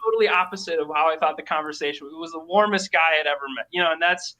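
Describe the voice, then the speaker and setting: A man from Minnesota, a podcast guest, telling animated stories in casual talk and acting out the people he met. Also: fairly high pitch, very fast, low-quality recording. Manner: animated storyteller, acts out quoted people. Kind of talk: casual storytelling.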